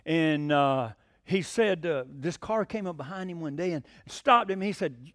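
A man's voice: fairly high pitch, animated, measured pace, a bit bright, dry recording, clean studio sound. A man preaching a sermon, telling folksy stories and asking the congregation questions. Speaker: pastor.

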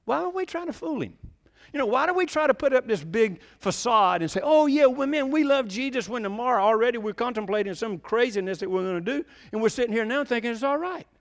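A man preaching a sermon to a congregation, animated, leaping up in pitch when he voices the people he quotes. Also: fast. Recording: long reverb of a large hall.

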